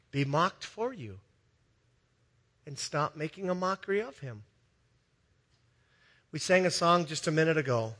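A male pastor delivers a sermon in a church with a balcony, his voice pitched on the high side. He tells a story that swings between loud, excited stretches and soft, hushed moments.

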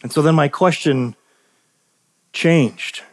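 A man preaching a sermon in an earnest, personal way, with a voice that sits a little higher than most men's. He leans on repetition to drive his points home and moves between storytelling and teaching. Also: slow. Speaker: pastor.

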